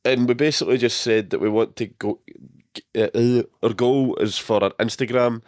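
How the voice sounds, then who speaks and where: A man's voice: medium pitch, fairly even intonation, moderate pace, a little mellow, dry recording, clean studio sound. A young man co-hosting a podcast, teasing his friend and swearing often in casual banter. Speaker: podcast co-host.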